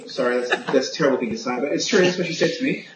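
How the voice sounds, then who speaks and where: A man's voice: medium pitch, rapid-fire, reverberant, background noise. A man arguing playfully as an awards pundit in a casual panel debate, laughing as he pushes his pick.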